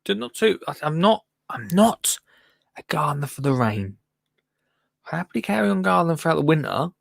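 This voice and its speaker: Male host, gravelly voice, rambling live-show chat, reads listener comments, dry close mic. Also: on the high side, sing-song, brisk, no echo. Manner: rambling and chatty, breaks off mid-sentence. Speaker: gardening podcast host.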